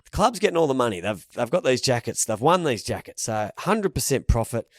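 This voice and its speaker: An Australian man co-hosting a podcast, telling an animated, profanity-laced story in casual banter. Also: mid-range voice, fairly quick, dry recording, clean studio sound. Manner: storytelling, swears freely, animated. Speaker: podcast co-host.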